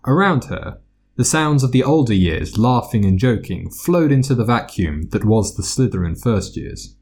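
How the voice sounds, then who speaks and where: A man narrating a story aloud, expressive and doing voices for the characters. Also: mid-range voice, normal speed, husky. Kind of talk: fan fiction reading.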